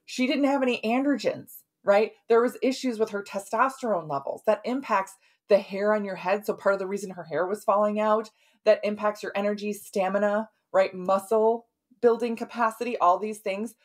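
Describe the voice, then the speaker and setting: A middle-aged woman with a medium-pitched voice speaks at a moderate pace while hosting her podcast. She's a health practitioner sharing a client's story in a relaxed, chatty way, frequently tagging "right?" onto the ends of sentences.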